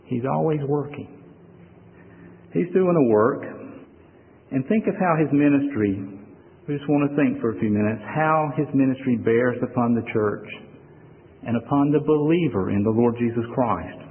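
A man preaching a sermon to a congregation in an earnest, measured way with emphatic pauses. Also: mid-range voice. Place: room with a congregation. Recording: tinny lo-fi recording with long hall reverb.

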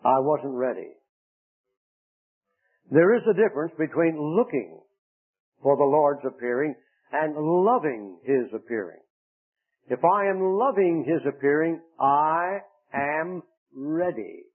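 An older man from Pennsylvania preaching a sermon in slow, emphatic phrases that stretch out key words. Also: a little high, lively intonation, breathy edge. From Lancaster, Pennsylvania. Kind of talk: sermon on a radio broadcast. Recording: tinny phone-like radio recording.

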